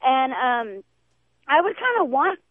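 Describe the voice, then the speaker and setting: A woman's voice: high-pitched, sing-song, slow pace, no room sound. Young woman calling in on a tinny phone line. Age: 20s. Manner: hesitant, with many ums. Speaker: caller. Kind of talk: phone call-in.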